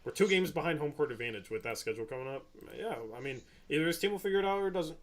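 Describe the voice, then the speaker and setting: A man's voice: on the high side, animated, very fast. Chatty male podcast host, rambling. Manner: rambling, laughs often, drifts soft and quiet. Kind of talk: casual postgame chat.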